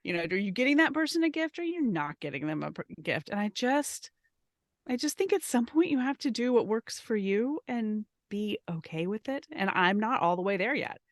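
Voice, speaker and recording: A woman's voice: medium pitch, animated, a little fast, no room sound, clean studio sound. A woman co-hosting a podcast, talking candidly in casual chat, still coughing a little. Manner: candid, reflective, trailing off mid-thought. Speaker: podcast co-host.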